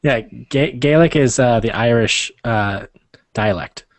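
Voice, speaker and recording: A man's voice: mid-range voice, takes it slowly, no echo. A man co-hosting a casual podcast over a video call, laid-back and dry, steering the talk back on topic. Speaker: podcast co-host. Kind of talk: casual chat. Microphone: computer over a video call.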